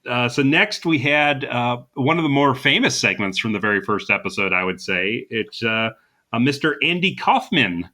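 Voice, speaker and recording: A man's voice: mid-range voice, animated, moderate pace, bright, forceful tone. A man co-hosting a podcast, recapping a comedy show in casual chat with plenty of fillers. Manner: chatty, recapping with frequent fillers and laughs. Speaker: podcast co-host.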